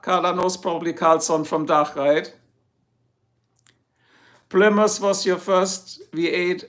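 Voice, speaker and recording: Speaking from his Ohio home, this livestream host, a German man with a German accent, chats casually with viewers, cracks jokes, and says hello to people by name as he reads comments. His voice sits high with a fairly bright tone.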